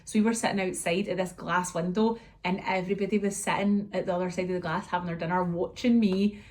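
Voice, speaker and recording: Scottish woman, casual vlog chat, lively storyteller who acts out the bits. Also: on the low side, quick pace. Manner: chatty and animated, acts out scenes and quotes her kids. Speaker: vlogger catching up with viewers.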